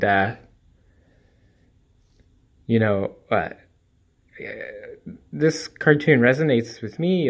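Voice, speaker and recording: A man giving a casual spoken review of a comic strip, hesitant and full of ums and restarts, with a dry, wry humour. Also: fairly low pitch.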